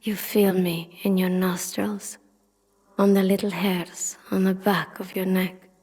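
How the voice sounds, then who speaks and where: A whispered role-play of a city spirit in a video game. The voice is an unvoiced, breathy whisper, slow and even, with hardly any rise or fall. A long, hall-like reverb trails each phrase. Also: female voice, mid-range voice. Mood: intimate. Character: the city itself, an ancient loving spirit.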